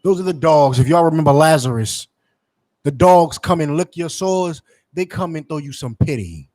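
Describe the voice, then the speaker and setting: Man with a slightly raised pitch, as a fiery street preacher; heated, mocking, profane. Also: expressive, normal speed, darkish tone. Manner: heated, mocking, profane, calls for scripture readings. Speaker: preacher and teacher.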